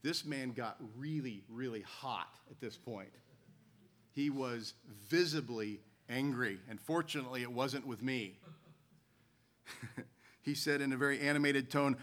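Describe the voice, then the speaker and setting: Casting: bright, clear-toned male pastor, earnest storytelling sermon delivery. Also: medium pitch, a little slow. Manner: earnest, storytelling preacher who reads scripture aloud.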